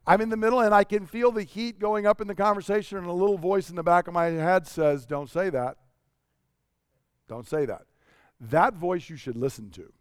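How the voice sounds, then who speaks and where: A male pastor delivering a sermon in a chatty, storytelling manner. His voice sits a bit high for a man. The sound is dry and close, and he often turns to the congregation with rhetorical questions. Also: fast talker, hardly any pauses, smooth, no echo.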